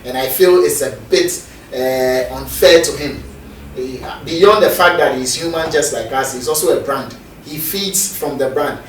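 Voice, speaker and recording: A man, co-hosting a studio talk show and arguing a point in a measured way. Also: medium pitch. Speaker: co-host. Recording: echoey studio, distant mic, faint noise.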